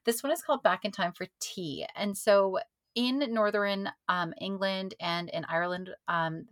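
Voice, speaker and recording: A woman in her thirties co-hosting a podcast, chatting with lively, animated storytelling. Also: medium pitch, normal speed, no echo. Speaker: podcast co-host. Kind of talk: casual chat.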